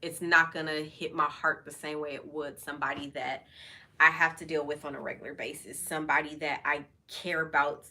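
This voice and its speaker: A woman's voice: low voice, flat delivery, fairly quick, bright, forceful tone. A woman hosting her own vlog, talking candidly and casually about feelings, with lots of fillers. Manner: candid and chatty, many fillers. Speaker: vlog host. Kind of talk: casual personal talk over wine.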